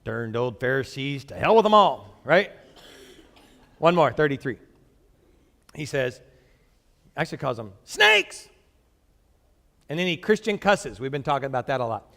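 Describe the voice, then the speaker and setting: A man's voice: medium pitch, big pitch swings, measured pace, pauses often, a bit bright, long reverb tail. A pastor preaching a sermon to his church, joking along the way and reading scripture aloud with strong emphasis. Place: church sanctuary.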